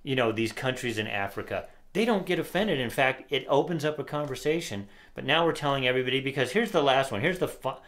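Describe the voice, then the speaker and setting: A man's voice: medium pitch, animated, fast, few pauses, a bit bright. A middle-aged man co-hosting a casual political talk show, giving opinionated commentary and reading lyrics aloud with sarcasm. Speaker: podcast co-host.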